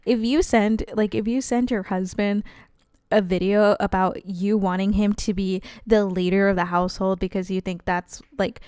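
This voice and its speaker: A woman's voice: medium pitch, steady tone, moderate pace, mellow, smooth, no echo. A young woman chats on a cozy gaming stream, rambling from thought to thought and breaking into giggles. Her voice sits mid-range, and the sound is dry and close on a desk microphone. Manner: rambling, giggly, lots of fillers and restarts. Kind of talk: casual stream chat.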